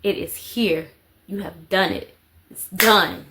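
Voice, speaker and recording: A woman's voice: mid-range voice, slow, sharp tone. Chatty mother telling a story. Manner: chatty, repeats phrases for emphasis. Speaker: vlogger, mother of four. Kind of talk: casual storytelling to camera.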